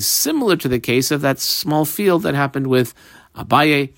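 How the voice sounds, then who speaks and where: A man's voice: fairly high pitch, expressive, moderate pace, gravelly, fairly bright tone, no echo, clean studio sound. Methodical man teaching a text class. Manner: methodical, reads each term then explains it. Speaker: Talmud teacher. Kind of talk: page-by-page study class.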